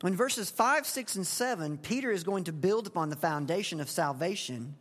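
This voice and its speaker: A man's voice: high-pitched, lively intonation, normal speed, a bit bright. Male preacher, plain conversational delivery with questions to the pews, echoing church hall. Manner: conversational, asks the congregation questions. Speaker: pastor. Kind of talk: expository sermon. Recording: long hall reverb.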